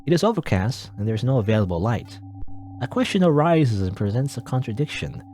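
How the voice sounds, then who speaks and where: A man's voice: mid-range voice, very animated, fairly quick, a little mellow, a little hiss or hum. A man hosting a let's play, reading a game's text aloud with playful, laughing asides.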